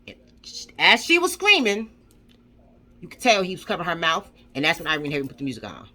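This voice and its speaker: A woman's voice: fairly low pitch, huge pitch swings, fairly quick, bright, forceful tone. A woman vlogger ranting angrily, swearing and firing off rhetorical questions with lots of repetition. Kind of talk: angry commentary rant.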